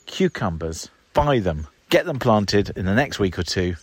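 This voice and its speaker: A gardening podcast host chats wryly and casually while working outdoors in his garden, giving walk-and-talk commentary. His fairly low voice is sing-song and unhurried with a breathy edge, on a dry recording, and he's chatty and self-deprecating.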